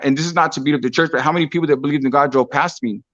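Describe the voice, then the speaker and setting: A man tells his testimony in a rapid, earnest preacher's cadence, repeating lines for weight. The recording sounds dull and lo-fi. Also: on the high side, a bit bright. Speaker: street preacher guest. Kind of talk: testimony storytelling.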